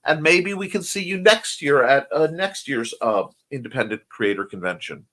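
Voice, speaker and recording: Speaking at a normal speed in an expressive mid-range voice, this male host runs a laid-back morning stream. His voice is a bit scratchy, and he describes having a speech impediment; he rambles, jokes around, and reads out comments with real warmth for viewers.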